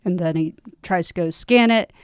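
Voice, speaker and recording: A woman chatting casually about poll-watching stories, chiming in with quick agreement. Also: on the low side, clear, resonant tone, dry recording, studio quality. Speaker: poll watcher recounting experiences. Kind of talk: casual storytelling chat.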